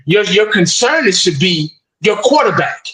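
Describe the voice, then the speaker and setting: High-voiced man ranting, echoey room. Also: normal speed. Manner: blunt, repetitive, animated ranting with frequent "man". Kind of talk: heated casual sports talk.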